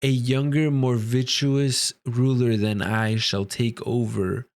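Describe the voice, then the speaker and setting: A guy reading the part of an old giant king, hopeful but grieving, said pretty plainly like he's reading off a comic page, normal-pitched voice. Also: level tone, slow, darkish tone, dry recording. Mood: earnest.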